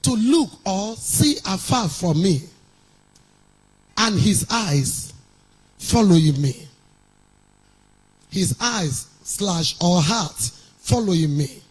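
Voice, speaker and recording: A woman's voice: mid-range voice, expressive, slow, long pauses, slightly rough, low-quality recording. A woman pastor with a Nigerian accent preaching a sermon in a sing-song cadence, reading scripture aloud between stories.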